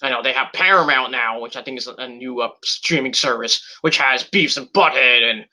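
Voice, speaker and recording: A podcast host in his thirties chats casually at a fairly quick pace in a mid-range voice. He rambles, swears, restarts often, and shouts in bursts.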